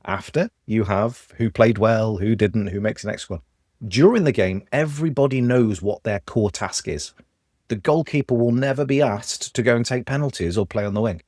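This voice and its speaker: A low-pitched man with a Midlands accent from Stoke speaks as a podcast guest, telling examples with animated energy. The recording is dry and close, with no room sound. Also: normal speed, no room sound. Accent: Stoke, English Midlands. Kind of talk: casual podcast conversation.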